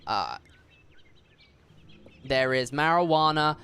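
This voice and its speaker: A man's voice: fairly high pitch, unhurried, a bit bright, clean tone. Jokey male streamer talking to the game. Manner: rambling, jokey, talking back to the game's narrator. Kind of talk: casual livestream commentary.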